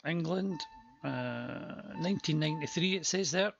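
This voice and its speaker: A man's voice: on the high side, measured pace, creaky, highs cut off, noisy background. A man calling a live auction stream, chatty with joking asides, his voice worn from a long day before.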